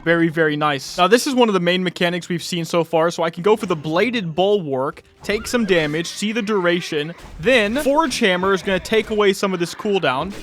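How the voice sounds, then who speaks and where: A man giving casual, chatty commentary while he plays a game, thinking aloud and getting excited in big fights. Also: high voice, a little fast, hardly any pauses, slight background noise. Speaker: gaming youtuber.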